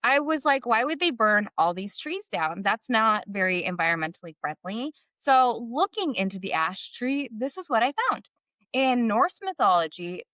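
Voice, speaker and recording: A woman's voice: mid-range voice, sharp tone, no echo. A woman co-hosting a book podcast, chatting casually, reading passages aloud and laughing often. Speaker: podcast co-host. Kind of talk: casual book discussion chat.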